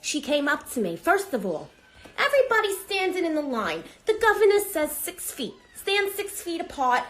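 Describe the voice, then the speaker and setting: A woman's voice: extremely high pitch, very animated, normal speed, pitched above the performer's own voice. A woman playing a brash, foul-mouthed older grandmother, rambling in an improvised phone livestream. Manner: rambling, brash, swearing, easily sidetracked. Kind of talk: improvised comedy character livestream.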